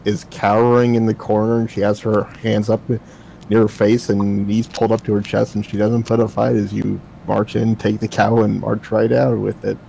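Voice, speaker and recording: A man with a low, gravelly, dark voice runs a tabletop game, describing each scene piece by piece. A faint hiss sits under his voice. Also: flat delivery, moderate pace, low-quality recording. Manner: descriptive scene-setting narration. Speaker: game master.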